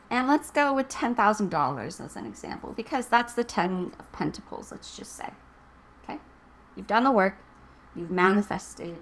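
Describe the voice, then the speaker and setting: A woman's voice: medium pitch, a bit bright, slight background noise. A woman giving a casual, encouraging tarot reading to camera, chatting and thinking aloud as she goes. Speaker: tarot reader.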